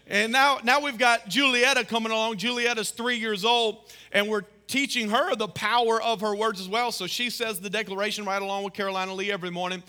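A man in his thirties preaches from the pulpit in a high, bright voice. He tells stories with emphatic bursts and sudden rising exclamations. His delivery is that of a pastor's sermon. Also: steady tone, fairly quick. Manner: emphatic, storytelling, rises to loud exclamations.

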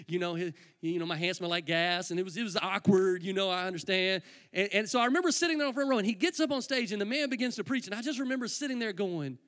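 A male preacher telling a humorous personal testimony from the pulpit, full of animated storytelling and comic asides. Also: sits high, fast talker.

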